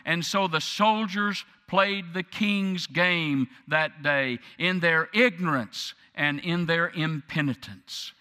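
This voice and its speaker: A male preacher delivers a sermon at a slow, deliberate pace, then builds to impassioned, ringing peaks. His voice is bright and a little high for a man. A long reverb hangs after each phrase, as in a church sanctuary. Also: smooth. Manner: slow, dramatic preaching that swells to impassioned crescendos.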